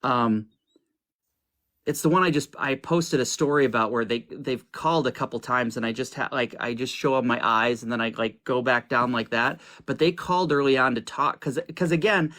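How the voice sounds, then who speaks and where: Male guest, casual chat, average pitch, halting delivery. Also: sharp tone. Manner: halting, with restarts and fillers. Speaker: guest on a live stream.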